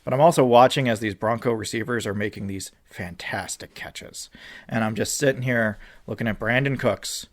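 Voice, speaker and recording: A man co-hosting a podcast, ranting about football with an animated, swearing delivery that climbs toward near-shouts when he gets upset. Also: mid-range voice, moderate pace. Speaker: podcast co-host. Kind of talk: ranting sports chat.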